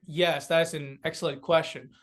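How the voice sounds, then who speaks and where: A man's voice: on the high side, normal speed. A young man from South Korea, chatting as a guest on a comedy podcast, telling stories with lots of fillers and laughs. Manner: laughing, animated storyteller with many fillers. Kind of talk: casual podcast chat.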